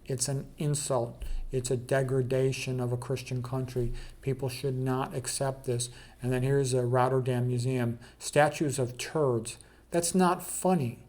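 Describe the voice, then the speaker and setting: A man's voice: mid-range voice, steady tone, measured pace, a little mellow. A man casually presenting an art slideshow, blunt and emphatic, with frequent "okay" and "you know".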